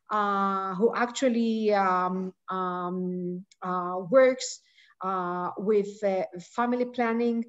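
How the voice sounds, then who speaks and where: A woman hosting a session and introducing a speaker over a video call, halting and full of fillers, smiling as she talks. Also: medium pitch. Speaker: session host. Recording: dull lo-fi video call audio.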